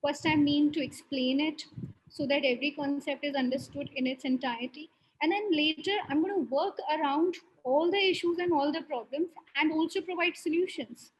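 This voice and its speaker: A woman's voice: sits high, normal speed, rough recording. A woman spirit medium relaying a spirit's words, prefacing quotes with "he's saying" and often laughing.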